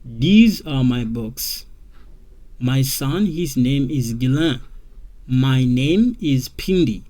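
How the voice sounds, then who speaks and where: Slow, repetitive male language teacher. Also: mid-range voice, animated, warm tone. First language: French. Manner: repetitive, drawn-out teaching with many okays. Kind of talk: slow explanatory lesson.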